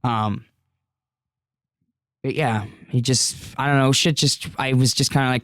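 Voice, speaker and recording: A man's voice: mid-range voice, fairly even intonation, a little slow, long pauses, a bit bright, no echo, clean studio sound. A young man telling a party story in casual chat, rambling and profane, full of fillers. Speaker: podcast guest.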